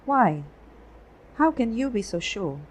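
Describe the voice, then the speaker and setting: A woman voicing a sharp, curious male detective who questions with pointed insistence. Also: on the high side, very animated, husky, pitched above the performer's own voice, heavily acted, low-quality recording. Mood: inquisitive. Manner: inquisitive, quick questions.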